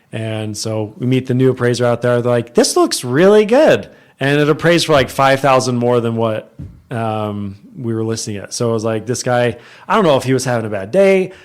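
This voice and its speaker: A man co-hosting a podcast, casually telling a work story and acting out the people in it. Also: medium pitch. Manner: animated, acts out quoted people. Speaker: real estate agent, podcast co-host. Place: podcast studio.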